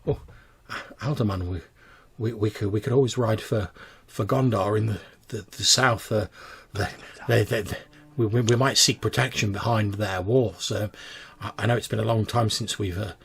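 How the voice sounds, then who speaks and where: A nervous young halfling woman, as a man puts her on, stammering and tentative. She speaks in the performer's own low, gravelly voice. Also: fairly even intonation, moderate pace, fairly bright tone, exaggerated voice. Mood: hesitant.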